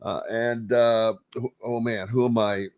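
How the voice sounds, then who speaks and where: A man's voice: mid-range voice, little pitch movement, measured pace, lo-fi sound. A man hosting a sports radio show, speaking in a rambling casual way with lots of fillers and restarts.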